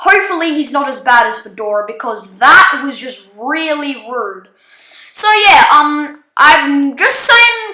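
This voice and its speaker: A woman with a high, bright voice tells a casual story about a game in a slow, halting way, full of ums and restarts. The voice rings around an echoey room. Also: animated. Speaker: gaming channel storyteller. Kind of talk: casual spoken story, recounting an online game.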